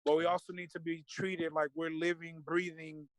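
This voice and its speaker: A man talks with a high voice, earnest and openly emotional, with loose fillers and restarts. The sound is dry and close, with no room around it. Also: little pitch movement, normal speed, dry recording, poor audio. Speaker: guest. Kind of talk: casual discussion.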